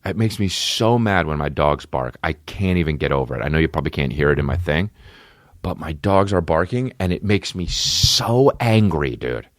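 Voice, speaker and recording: A man hosting a podcast in casual chat, rambling and swearing a lot, with big jumps in pitch. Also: animated, moderate pace, dry recording, clean studio sound. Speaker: podcast host. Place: home studio with barking dogs nearby.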